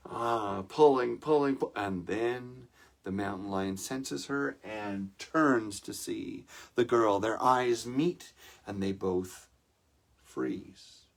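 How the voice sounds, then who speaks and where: A man telling a dramatic story to an online congregation, often pausing to ask the audience questions. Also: on the low side, gravelly. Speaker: spiritual teacher.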